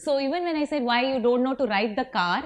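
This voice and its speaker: A young woman from India, an actress telling stories in a casual interview, animated and laughing as she acts out quoted lines. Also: sits high, racing.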